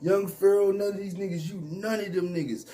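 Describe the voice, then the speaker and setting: A man's voice: sits high, steady tone, a little fast, dark tone, a little hiss or hum. A man ranting in a commentary vlog, heated and mocking, mimicking the people he talks about. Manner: heated, mocking, mimics others in quoted voices. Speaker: YouTube commentator.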